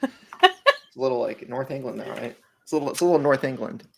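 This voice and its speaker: A man's voice: mid-range voice, wildly swooping pitch, a little fast, creaky, fairly bright tone. A man co-hosting a casual podcast, teasing and joking with his co-hosts. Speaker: podcast co-host.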